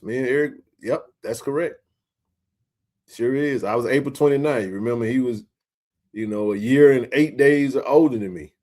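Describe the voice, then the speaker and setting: A man, hosting a casual sports live stream and joking with his chat. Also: medium pitch. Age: 40s. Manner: joking, animated, talks to chat readers. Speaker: sports talk stream host.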